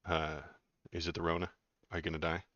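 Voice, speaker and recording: A man's voice: low-pitched, flat delivery, fairly quick, sharp tone, no echo, dull audio. A man hosting a casual political livestream, joking and rambling. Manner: joking, rambling, self-mocking. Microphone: webcam setup.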